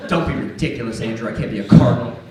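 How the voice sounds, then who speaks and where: A man's voice: medium pitch, rapid-fire, far from the mic, heavy background noise, pitched below the performer's own voice, close to an everyday voice. A man voicing his mother, scolding and matter-of-fact, on a comedy club stage. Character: stern middle-aged mother, scolding. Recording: echoey club with crowd laughter.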